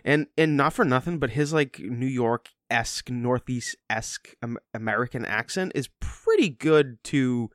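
A man's voice: medium pitch, unhurried, hardly any pauses, no echo. Jokey rambling man, dry mic. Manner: rambling, jokey, does silly voice impressions. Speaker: podcast co-host. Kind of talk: casual film review chat.

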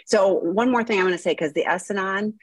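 A woman's voice: medium pitch, brisk, no room sound. A woman co-hosting an advice podcast, reassuring and speaking from her own recovery. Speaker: podcast co-host.

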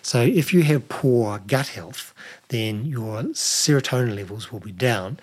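A middle-aged man with a slightly husky voice talks as an interview guest. He explains at an even pitch, leaning on "you know" and small restarts as he goes. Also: measured pace. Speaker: nutrition expert guest. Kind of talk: conversational interview.

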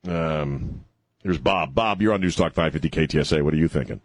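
A man's voice: extremely low pitch, brisk, no room sound. Sarcastic male talk radio host. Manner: sarcastic, mocking, chatty.

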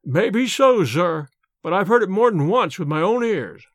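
A man's voice: high voice, sing-song, a little slow, no echo, clean studio sound, full character voice. A man voicing a little wrinkled old manservant who talks in an anxious, deferential way with rustic grammar, in an audiobook reading. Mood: stubborn.

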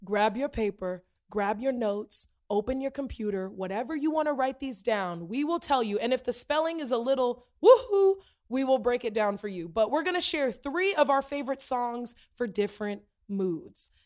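A woman hosting a casual podcast chat, animated and laughing often, slipping into playful character voices. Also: a little high, normal speed, hardly any pauses. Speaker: podcast host.

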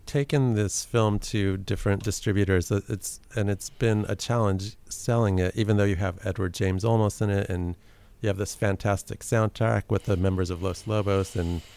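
A man with a low, gravelly but resonant voice asks a guest a long question, pausing and searching for his words. The sound is close and dry, with no room sound. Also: steady tone, a little mellow, no echo. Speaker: interviewer. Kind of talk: interview question.

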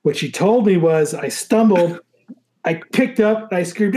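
A married man casually telling a story on a podcast, animated, swearing freely and laughing often. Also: high voice, moderate pace. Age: adult, married.

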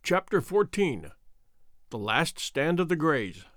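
Measured male audiobook narrator, somewhat high. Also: very animated, fairly bright tone, no room sound. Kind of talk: first-person audiobook narration.

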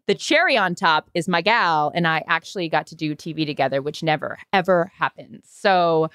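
A woman co-hosting a casual podcast, talking in a bubbly, chatty way with quick asides. Her voice sits a little low for a woman. The sound is dry and close, with no room around it. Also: expressive, fairly bright tone, smooth, no echo. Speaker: podcast co-host. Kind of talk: casual chat.

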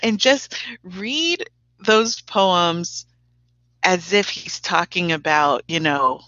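A woman teacher and playwright speaking as an interview guest, measured and laughing often. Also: lowish voice, expressive, sharp tone, dry recording. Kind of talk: conversational interview. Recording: dull dry lo-fi recording.

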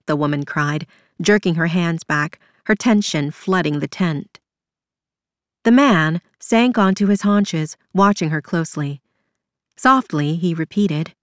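A woman narrating an audiobook in a measured, somber storytelling manner. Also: on the low side, no echo, studio quality. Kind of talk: scripted narration.

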